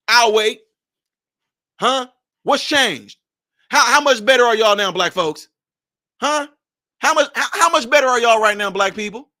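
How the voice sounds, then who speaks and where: A man's voice: very high voice, expressive, a little slow, pauses often, pushed and bright, dry recording, clean studio sound. A man delivering a confrontational commentary rant, scolding and sarcastic, hammering rhetorical questions. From Chicago area.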